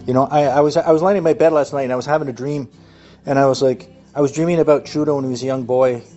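A man hosting an activist livestream, talking in an excitable, rambling way full of fillers. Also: medium pitch, fast. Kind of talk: excited casual monologue. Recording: muffled audio with faint music.

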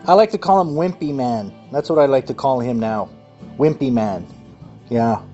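A man hosting an activist livestream, talking in an excitable, rambling way full of fillers. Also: mid-range voice, moderate pace. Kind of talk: excited casual monologue. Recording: muffled audio with faint music.

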